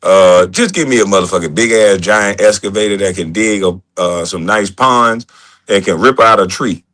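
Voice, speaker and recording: A man's voice: on the low side, normal speed, a bit bright. A man hosting a casual livestream, talking loosely with a lot of swearing and joking. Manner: loose, profane, joking and laughing. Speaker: livestream host.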